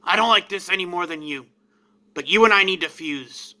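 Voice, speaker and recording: A man doing a gruff, blunt alien warrior. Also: high voice, moderate pace, pushed and bright.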